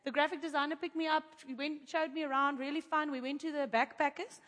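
A woman tells her testimony to a congregation in a bright, sharp voice. She is animated, laughs often and acts out the people she quotes. Her voice carries a long echo from a large hall. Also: high-pitched, fast. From Africa. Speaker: speaker giving a testimony to a congregation. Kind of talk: lively testimony storytelling. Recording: echoey hall.

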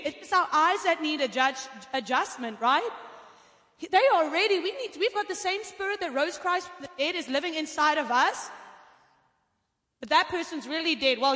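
A woman preacher telling testimonies in an animated, storytelling way, acting out the voices of the people in her stories. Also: high-pitched. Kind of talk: sermon testimony. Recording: long hall reverb.

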